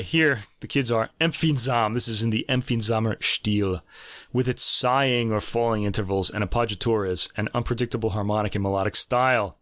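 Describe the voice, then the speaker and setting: A man hosting a casual classical music review, chatty and digressive, laughing at his own jokes and slowing down to spell out foreign terms. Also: medium pitch, fairly bright tone, dry recording, studio quality. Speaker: host reviewing a classical album.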